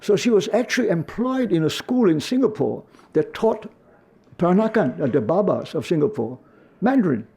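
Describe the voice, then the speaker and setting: An older man speaks in a lecture hall with a strongly gravelly, husky voice. His tone is mellow and slightly high for a man. He answers an audience question thoughtfully, pausing and restarting as he searches for words. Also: big pitch swings. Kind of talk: university lecture reply.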